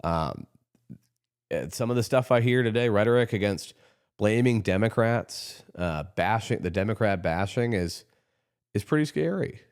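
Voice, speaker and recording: A man's voice: fairly low pitch, lively intonation, moderate pace, smooth. A man hosting a podcast, talking in a rambling, heated political monologue with frequent restarts. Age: adult, runs his own company. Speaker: podcast host.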